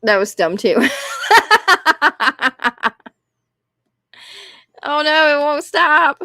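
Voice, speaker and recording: A young woman with a drawl rambles through a casual rant, often apologizing and putting herself down. Her voice is high and bright. The sound is dry and close. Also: lively intonation, moderate pace, no room sound. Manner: rambling, apologetic, self-deprecating. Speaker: vlogger.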